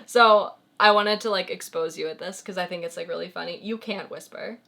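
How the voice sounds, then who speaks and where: A woman in her twenties chatting casually on her vlog, giggly and animated as she tells stories. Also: fairly low pitch, a little fast, gravelly. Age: 20s. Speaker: vlogger. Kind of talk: casual chat.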